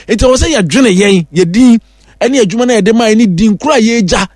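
A Ghanaian man with a high, forceful voice leads a heated political talk segment. His voice comes through close and dry, with no room echo. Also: fast. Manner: forceful, argumentative, switches between Twi and English. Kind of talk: political discussion in Twi.

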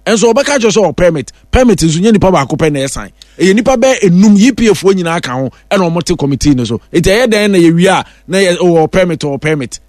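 A Ghanaian man with a high, forceful voice leads a heated political talk segment. His voice comes through close and dry, with no room echo. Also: animated, quick pace, few pauses. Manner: forceful, argumentative, switches between Twi and English. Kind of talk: political discussion in Twi.

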